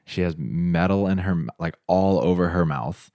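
A man's voice: low voice, normal speed, mellow, dry recording, studio quality. A man from the United States co-hosting a podcast, talking in an upbeat, casual way straight to his listeners. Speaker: podcast co-host.

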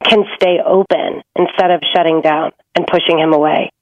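A woman relationship coach giving gentle, reassuring advice to a couple on a podcast. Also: low-pitched, steady tone, moderate pace, crowd noise. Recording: dull lo-fi remote line.

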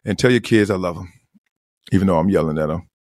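A middle-aged man hosting a solo podcast, talking in slang, laughing often and acting out quotes with sudden loud bursts. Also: fast talker, dry recording, clean studio sound. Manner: animated, acts out quotes with big jumps in pitch and loudness. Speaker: podcast host. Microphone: close studio mic.

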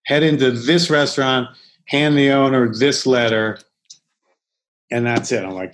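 A man's voice: medium pitch, fairly even intonation, unhurried, long pauses, rough recording. A middle-aged man telling a story in a casual interview, restarting often and swearing freely. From Philadelphia, United States. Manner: rambling, many restarts, swears freely, acts out quotes. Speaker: chef and interview guest.

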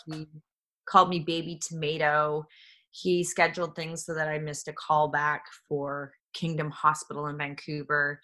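Actress guest, forties, woman; low-ish, bright, punchy delivery, candid and animated. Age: 40s. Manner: animated, restarts often, acts out quoted people. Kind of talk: candid conversational storytelling.

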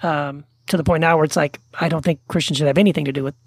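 Man from texas, lively storyteller, dry close sound, casual podcast chat. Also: a little high, fast, dry recording. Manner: animated storyteller, acts out quotes. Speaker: podcast guest, author. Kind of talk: casual conversation.

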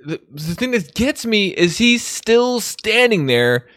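Animated man in casual film chat. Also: high voice, slow pace, no echo, studio quality. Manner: animated, swears, acts out scenes.

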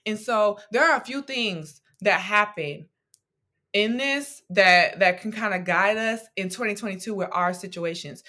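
A young woman hosting a devotional podcast, teaching from scripture in a conversational, animated way with casual slang and playful asides. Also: mid-range voice, unhurried.

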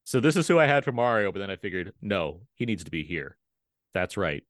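A man co-hosting a podcast, casual and joking, who laughs between lines and throws in quick asides. His voice swings widely in pitch. The recording is dry and close. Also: big pitch swings, no echo. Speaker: podcast co-host. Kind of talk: casual chat.

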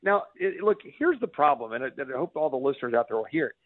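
A man's voice: medium pitch, sing-song, fast talker, no room sound. Man, from Texas, radio guest, fiery and emphatic, restarts often, tinny phone line. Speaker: congressman guest.

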